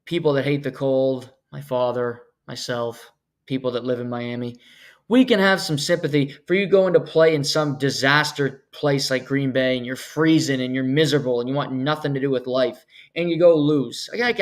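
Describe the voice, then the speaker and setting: A man hosting a solo sports podcast, talking bluntly and sarcastically, ranting with sudden emphatic jumps. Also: a little high. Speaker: podcast host.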